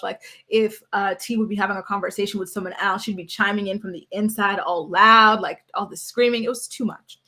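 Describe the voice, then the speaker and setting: A woman's voice: mid-range voice, pushed and bright. A young woman chatting casually through a reality TV recap, gossipy and full of asides. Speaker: recap vlogger.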